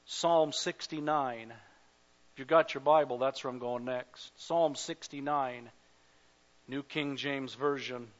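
A pastor preaching a sermon at a church service, passionate, swelling to loud cries and speaking straight to the congregation. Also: male voice, fairly high pitch. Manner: addresses the congregation directly. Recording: dull lo-fi recording.

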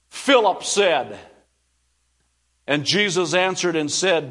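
A man's voice: high voice, measured pace, fairly bright tone. A male pastor preaching a sermon, earnest and emphatic, repeating key phrases for weight.

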